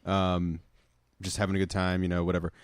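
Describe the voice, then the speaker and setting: A man's voice: low-pitched, monotone, brisk, clean tone, dry recording. Young guy cohost telling dumb school stories, laughs a lot, dry close mic. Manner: laughs through his own stories, rambling with fillers. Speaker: podcast co-host. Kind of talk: casual storytelling chat.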